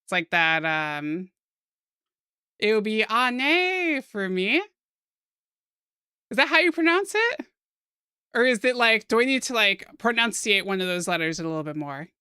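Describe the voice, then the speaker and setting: A young American woman streaming while she draws, chatting casually with her viewers in a soft-spoken, giggly way. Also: medium pitch, sing-song, normal speed, long pauses, smooth, no room sound, studio quality. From United States.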